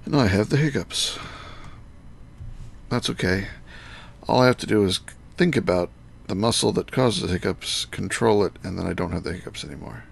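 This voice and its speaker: Man, live-streaming gamer, very low pitch, thinking aloud, chatting to viewers. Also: moderate pace, vocal fry, breathy edge. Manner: muttering to himself as he works, chatting to viewers. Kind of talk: thinking aloud while playing a game live.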